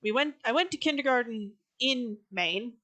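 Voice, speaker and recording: A woman's voice: on the high side, animated, normal speed, pushed and bright. A young American woman chatting casually with a friend, laughing often. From United States. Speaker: streamer co-host. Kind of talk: casual chat.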